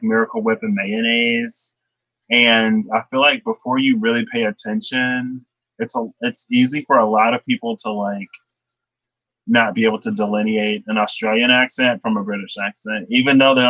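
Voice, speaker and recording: Young male tarot streamer, rambling casual chatter, bright forceful tone, close dry sound. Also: medium pitch, dry recording, rough recording. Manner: rambling, chatty, laughs often, lots of fillers. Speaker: tarot card reader. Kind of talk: casual livestream chat. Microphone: laptop webcam.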